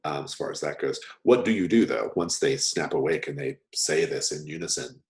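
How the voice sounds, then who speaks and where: A man narrating as game master of a tabletop game, relaxed and quick to laugh. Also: extremely low pitch. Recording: roomy echo.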